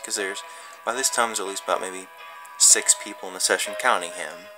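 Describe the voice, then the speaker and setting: A man's voice: low-pitched, fairly even intonation, a little fast, over music, rough recording. A man casually narrating a creepy gaming story, rambling and cursing with lots of fillers. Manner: rambling, profane, full of fillers.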